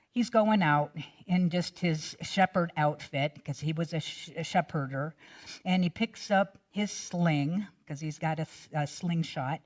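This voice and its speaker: A middle-aged woman minister retelling a Bible story in a sermon, in a casual, chatty way with many restarts. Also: low-pitched.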